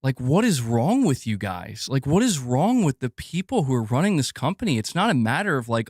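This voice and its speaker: Man, live-stream gaming commentary, ranting, swearing, mid-pitched voice, dry close sound. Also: brisk, few pauses, no echo. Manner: animated, swearing, ranting to chat with laughs.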